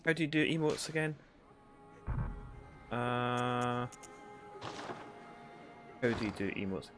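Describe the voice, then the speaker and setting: A man's voice: mid-range voice, animated, slow, music in the background. A man streaming a video game, chatting casually, rambling and swearing with lots of filler words. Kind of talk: casual live-stream commentary.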